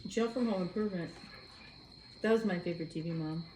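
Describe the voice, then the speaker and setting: A woman chatting casually on a stream, sarcastic and quick to laugh. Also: on the low side, dark tone, reverberant, a little hiss or hum, poor audio. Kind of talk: casual chat.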